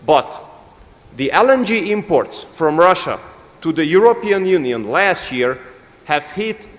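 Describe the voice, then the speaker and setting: Guy on a panel, firm and rhetorical, kinda high voice, big hall echo. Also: sing-song, unhurried. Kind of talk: panel answer. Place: conference hall. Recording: long reverb in a conference hall.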